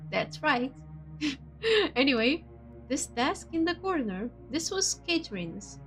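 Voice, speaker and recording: A woman's voice: high-pitched, very animated, a little slow, a bit bright, soft background music. A woman streamer, Portuguese her first language, reading a visual novel aloud and chatting with viewers in a chatty, giggly way. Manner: chatty, giggly, switches between reading and asides.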